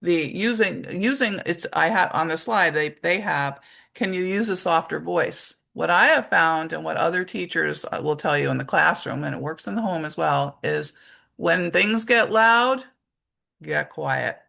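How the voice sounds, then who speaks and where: A middle-aged woman presenting a parenting workshop in a conversational way, acting out short examples and filling her pauses with "um". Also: on the low side, animated, vocal fry, pushed and bright. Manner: conversational, with many fillers and acted-out examples. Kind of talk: informal presentation talk.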